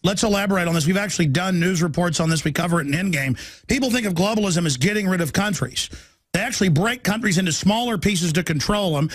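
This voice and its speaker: A male talk-radio host who talks in quick bursts, then stretches his words out slowly and stumbles over restarts. His voice sits a little high for a man. The sound is dry and close-miked. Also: dry recording. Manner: rapid bursts that slow into drawn-out phrases, halting restarts. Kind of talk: radio talk show discussion.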